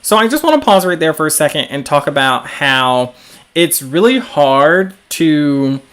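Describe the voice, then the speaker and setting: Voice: medium pitch, big pitch swings, a little slow, fairly bright tone, clean tone. A host with a Southern US accent in casual live commentary, chatting loosely and answering viewer comments, with lots of "like" fillers. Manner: frequent "like" fillers. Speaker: streamer commenting on news.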